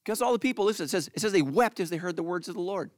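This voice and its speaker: High voiced guy preaching, swoops all over, jokey, acts out people, dry sound. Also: very fast, no room sound. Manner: animated, joking, acts out the congregation in mock voices. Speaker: pastor. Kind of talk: sermon.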